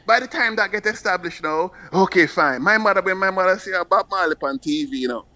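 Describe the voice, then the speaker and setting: A Jamaican man chatting casually, telling animated stories with frequent laughter and bits of patois. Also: high voice, a little fast. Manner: animated storyteller, laughs often, slips into patois. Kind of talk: casual chat.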